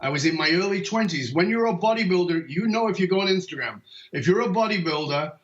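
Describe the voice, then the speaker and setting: Animated British-raised man in a roomy room. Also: high voice, quick pace. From United Kingdom. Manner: animated, acts out voices in anecdotes, frequent um and uh restarts. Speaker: podcast guest, motivational speaker. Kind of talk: conversational storytelling. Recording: roomy, dull lo-fi call audio.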